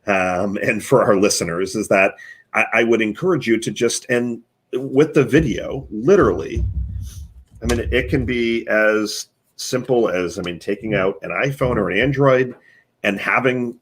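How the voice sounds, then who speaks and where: A man's voice: on the low side, moderate pace, husky. A man hosting a live online chat, giving earnest coaching advice laid out as numbered recommendations. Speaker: host and marketing consultant.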